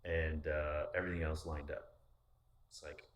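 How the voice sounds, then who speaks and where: A man's voice: a bass voice, little pitch movement, normal speed, slight background noise. A man casually telling a personal story in a candid, rambling, profane way. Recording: roomy echo.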